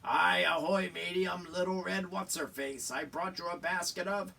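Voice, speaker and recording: A gruff, husky pirate captain. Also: male voice, high-pitched, fairly even intonation, normal speed, far from the mic, full character voice. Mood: blustering. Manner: gruff pirate talk, loud exclamations. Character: blustering pirate captain, grown man. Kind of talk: cartoon voice acting.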